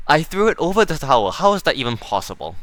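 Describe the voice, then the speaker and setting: A man's voice: fairly high pitch, sing-song, fast talker, a bit bright, no echo. A young man giving casual, self-mocking commentary over his own gameplay. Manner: offhand, self-mocking, chuckling. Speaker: gamer.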